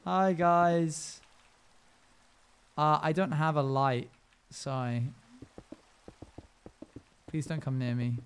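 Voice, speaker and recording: A man's voice: fairly high pitch, flat delivery, extremely slow, pauses often, clean tone. A young man live-streaming a game, chatting casually with his viewers in a rambling, self-amused way.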